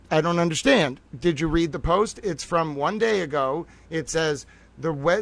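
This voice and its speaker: A man hosts a live stream in a high, gravelly voice, sliding into fry as he talks. He is theatrical and excitable, piling up exclamations and repeating himself. The sound is dry and close. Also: no echo. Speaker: livestream host.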